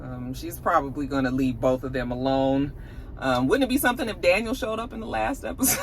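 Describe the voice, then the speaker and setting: A woman's voice: deep voice, brisk, slight background noise. A woman, casually recapping a TV episode for her channel and acting out the characters' lines as she goes. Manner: animated storytelling, acts out characters' lines. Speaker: TV review vlogger. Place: at work on lunch break.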